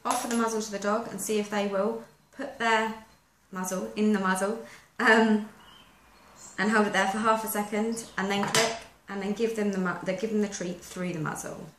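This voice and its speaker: A woman's voice: mid-range voice, flat delivery, moderate pace. A woman, a dog trainer giving practical step-by-step instructions in a chatty manner. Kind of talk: instructional how-to video. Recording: echoey room with faint noise.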